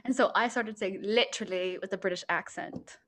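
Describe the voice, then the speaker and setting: A woman's voice: medium pitch, a little fast, a bit bright. Rambling young woman podcast co-host. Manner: rambling, lots of "like" and "and stuff". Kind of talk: casual book-club chat.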